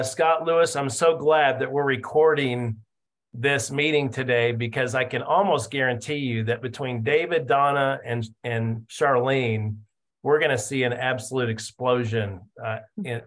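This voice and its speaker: A man's voice: medium pitch, fairly bright tone. A man hosting a team video call, upbeat and encouraging as he invites others to speak. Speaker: meeting host.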